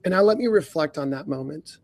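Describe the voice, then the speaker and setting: A man co-hosting a leadership coaching podcast, earnest, stacking up rhetorical questions and often clearing his throat. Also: a little high, animated, a little fast.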